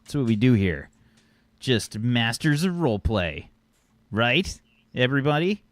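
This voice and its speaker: A man's voice: medium pitch, big pitch swings, a little slow, dry recording. A man hosting a live tabletop role-play stream as game master, rambling through his intro with many restarts. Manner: rambling, full of restarts and fillers.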